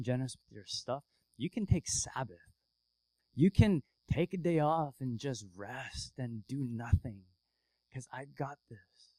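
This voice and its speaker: Pastor guy preaching, slightly high voice, goes quiet then loud, dry sound. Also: dry recording. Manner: animated storytelling, jumps from hushed to loud. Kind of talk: sermon.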